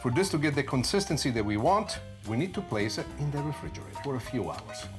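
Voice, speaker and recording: A man in his sixties with an Italian accent, hosting a cooking demonstration in a lively, chatty, playful way with rhetorical questions. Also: mid-range voice, fast talker. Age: 60s. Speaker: cooking show host. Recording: background music.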